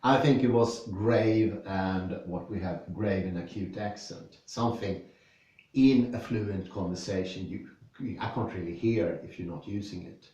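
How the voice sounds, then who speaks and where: A man from Sweden with a Swedish accent, discussing philosophy, reading passages aloud and then explaining them slowly and thoughtfully with personal examples. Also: low voice, mellow, heavy reverb, recorded from a distance.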